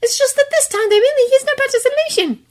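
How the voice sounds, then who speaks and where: A woman voicing a caring teenage girl witch who speaks softly and soothingly. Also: extremely high pitch, quick pace, voice pushed up. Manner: soft and soothing.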